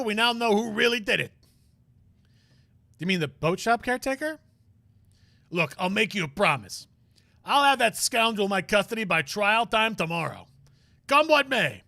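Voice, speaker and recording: Guy doing a loud eager detective who calls everyone pal, bouncy and bright. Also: sits high, sing-song, normal speed, creaky, long pauses, no echo, pitched above the performer's own voice, full character voice. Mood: boisterous. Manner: boisterous, folksy, calls people pal.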